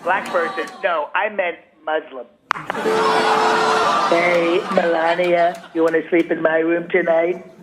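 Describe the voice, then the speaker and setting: A blustering, self-satisfied billionaire president, clueless and rambling, in a comedy sketch phone call. The voice sits high for a man, and a steady hiss of noise runs under it on this broadcast recording. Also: slow pace. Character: brash, boastful, clueless male billionaire president. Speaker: sketch actor.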